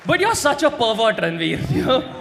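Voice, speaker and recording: A young man, performing a stand-up roast set and shouting his punchlines brashly. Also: extremely high pitch, sing-song, moderate pace, creaky. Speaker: roast comedian. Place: large indoor stage venue. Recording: live hall with reverb and crowd noise.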